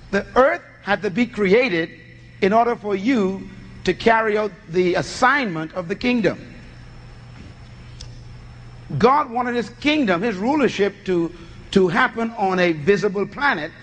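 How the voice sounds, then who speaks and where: A man's voice: high voice, a bit bright, long reverb tail. A man preaching a teaching sermon, reading scripture aloud, then posing questions and answering them himself. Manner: reads scripture aloud and explains it.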